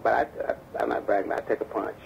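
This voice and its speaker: Gravelly man telling an anecdote, old tape. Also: fairly low pitch, fast. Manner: animated storyteller acting out quoted dialogue. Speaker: interview guest, former bodyguard. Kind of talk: storytelling anecdote in an interview. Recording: dull damaged tape with faint hiss.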